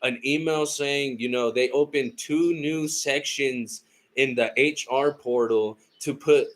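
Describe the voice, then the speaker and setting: A man's voice: medium pitch, slow pace. A young man from California telling a story in a casual, heated and rambling way, swearing a lot. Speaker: tarot live streamer.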